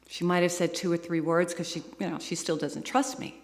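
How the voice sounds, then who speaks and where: A woman's voice: on the low side, fairly quick. Woman preaching in an echoing hall. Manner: emotional storytelling, rising to excited peaks. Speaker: guest speaker. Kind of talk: sermon. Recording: long hall reverb.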